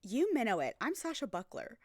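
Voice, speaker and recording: A woman's voice: a little high, very animated, a little fast. A woman doing a bubbly Valley Girl aquarium performer. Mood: pleading. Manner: Valley Girl voice, fish puns.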